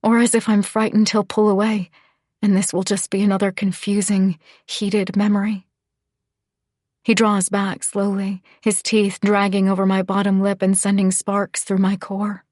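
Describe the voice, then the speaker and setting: A woman narrating a first-person romance audiobook in a soft, breathy, half-whispered reading. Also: mid-range voice, completely flat delivery, moderate pace, dry recording, studio quality.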